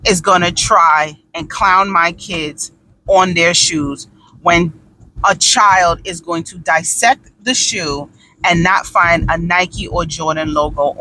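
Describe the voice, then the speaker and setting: A woman in her thirties, a mother and podcast host, talking casually in an animated, sassy storytelling way with quick asides. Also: fairly low pitch, a little hiss or hum, low-quality recording. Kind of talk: casual talk monologue.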